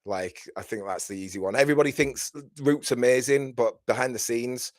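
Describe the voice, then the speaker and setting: A man chatting as a podcast guest on a handheld mic, mock-serious and deadpan. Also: medium pitch, brisk, dry recording, studio quality. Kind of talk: casual chat.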